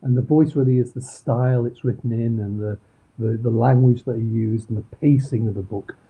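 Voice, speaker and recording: Middle-aged Manchester man, interview guest, husky and rambling, tinny video-call line. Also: medium pitch, normal speed. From Manchester, England. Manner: rambling, many ums and restarts. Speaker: crime novelist guest. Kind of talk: casual interview chat.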